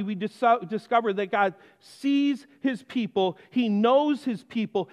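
A middle-aged man preaching a sermon as pastor, telling stories and acting out quoted voices, recorded by a stage microphone in a church sanctuary. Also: high-pitched. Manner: storytelling, acts out quoted voices. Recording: reverberant church, dull lo-fi sound.

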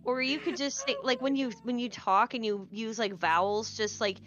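A woman's voice: fairly high pitch, steady tone, moderate pace, highs cut off. A woman chatting casually with friends, explaining things with lots of fillers. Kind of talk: casual chat.

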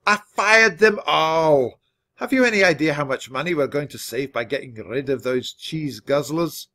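A man voicing a bossy, boastful old male mouse who founded a newspaper, talking loud and blustering. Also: mid-range voice, lively intonation, moderate pace. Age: older.

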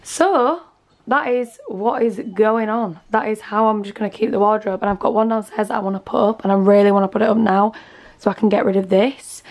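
A woman's voice: medium pitch, fairly even intonation, fairly quick, a little mellow. Chatty British woman vlogging at home. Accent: British English. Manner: chatty, upbeat, rambling with fillers. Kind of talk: casual vlog to camera. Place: bedroom at home, indoors.

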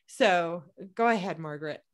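A woman's voice: on the low side, moderate pace, clear, resonant tone. A woman hosting an interview podcast, introducing her guest and stressing points with emphasis. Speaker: podcast host.

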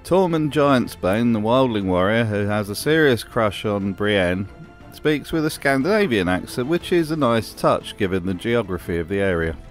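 A man's voice: fairly low pitch, animated, normal speed, faint music behind. A man narrating a wry commentary voice-over in a dry, sardonic manner. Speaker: video narrator.

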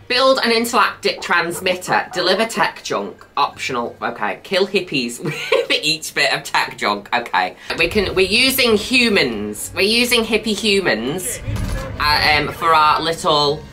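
A woman playing through a video game and talking over it the whole way. Her voice is bright and forceful, and her pitch leaps around wildly as she shrieks at the action, then drops to dry little asides, with game music playing faintly underneath. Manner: campy and exclamatory, swings from squeals to low asides. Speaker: gaming video host. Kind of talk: let's-play commentary.

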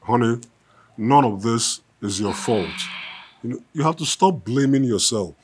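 A devout Nigerian husband gently pleading with his grieving wife in a film drama. His mid-pitched voice rises and falls a lot as he coaxes and reassures. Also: lively intonation, measured pace, husky. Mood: consoling.

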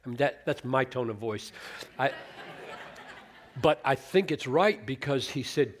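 Slow, earnest preacher man. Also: medium pitch, a little hiss or hum. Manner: earnest and animated, quoting scripture with shifts in emphasis. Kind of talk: sermon teaching on scripture.

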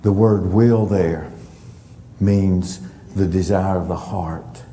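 A man preaching a sermon as pastor, emphatic and deliberate, leaning hard on key words. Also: low-pitched, fairly even intonation, dark tone, slight background noise. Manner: emphatic, stresses words for effect. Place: church sanctuary. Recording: long reverb of a church hall.

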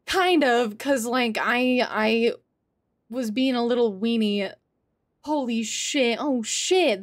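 A woman streaming a game live, talking to her chat in an excitable way and swearing often. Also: a little high, slow pace, long pauses. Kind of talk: live gameplay commentary.

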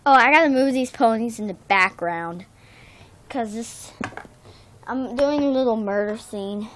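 A woman's voice: fairly high pitch, unhurried, a bit bright, slight background noise. A young woman playing with toy ponies, talking in a silly, giggly, playful way. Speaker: toy video maker.

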